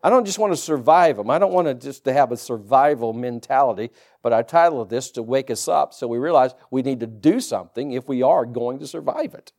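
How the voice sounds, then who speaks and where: A male pastor preaching a sermon, reading scripture aloud and rising into loud, fervent preaching. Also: mid-range voice, lively intonation, brisk, few pauses.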